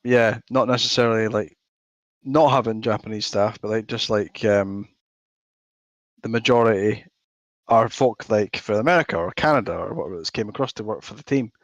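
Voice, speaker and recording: A man's voice: lowish voice, moderate pace, dry recording. A man in casual chat, hesitant and easygoing, with many fillers. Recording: dull lo-fi voice chat audio.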